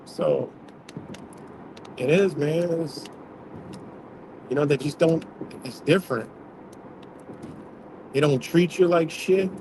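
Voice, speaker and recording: A man's voice: on the high side, slow pace, long pauses, a little mellow, a little hiss or hum, poor audio. A man hosting a livestream, talking bluntly in a rambling, profane, casual rant, apparently from inside a vehicle. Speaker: livestream host.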